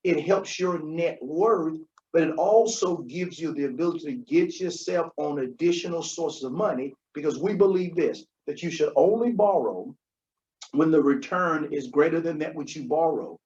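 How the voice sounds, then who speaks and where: A man's voice: a little high, normal speed, darkish tone. A man co-hosting a podcast, giving emphatic financial advice in a conversational way and often checking in with "Okay?". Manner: emphatic, repeats key points, asks "Okay?". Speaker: podcast co-host. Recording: dull lo-fi recording.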